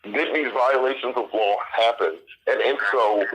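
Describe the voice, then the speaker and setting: A man's voice: medium pitch, moderate pace, a bit bright, a little hiss or hum, rough recording. A man, an attorney guest, giving precise legal commentary. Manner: precise, cites legal codes.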